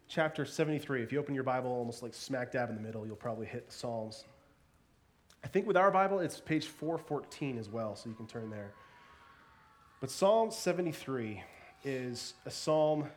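A man preaching a sermon in a church, earnest and emphatic, swelling and dropping his voice for emphasis. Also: medium pitch. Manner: earnest, varies pace and volume for emphasis. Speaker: pastor.

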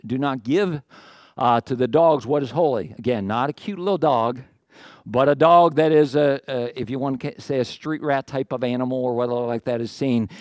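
A man's voice: mid-range voice, no echo, clean studio sound. A middle-aged man preaching a sermon to his congregation in a conversational way, with asides, jokes at his own expense and questions to the room. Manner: conversational, self-deprecating humor, rhetorical questions to congregation. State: out of breath. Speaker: pastor.

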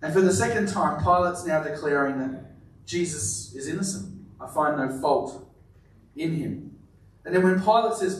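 A man preaching a sermon, emphatic and repeating his words, often dropping to a quiet, stressed delivery. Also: a little high, moderate pace. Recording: very echoey room, voice from a distance.

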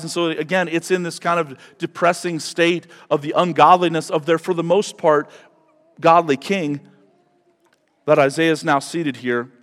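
A man's voice: mid-range voice, fairly bright tone. Guy preaching, chatty and rambly, punches up key lines, big echoey church sound. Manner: conversational, digressive, dramatic emphasis. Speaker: pastor. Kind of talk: sermon. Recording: long reverb of a large hall.

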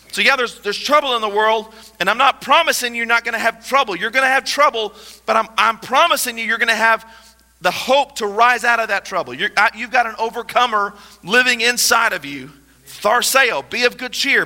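A man preaches to his congregation, high-voiced and very bright, joking and getting everyone to answer him. His words ring out in a large church hall with a long echo. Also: brisk. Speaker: pastor. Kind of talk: sermon. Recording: reverberant hall.

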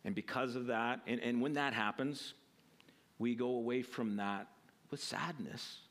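A man's voice: mid-range voice, unhurried, fairly bright tone. A male pastor preaching a sermon and reading scripture in a casual, conversational way, with frequent fillers.

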